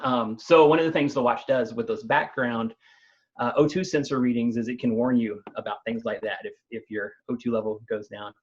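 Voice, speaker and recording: A man, a company's technical chief, explaining new gadgets in a relaxed conversational way, with frequent fillers and restarts. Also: mid-range voice, moderate pace, highs cut off. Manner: thoughtful, many fillers and restarts. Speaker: company CTO explaining tech news.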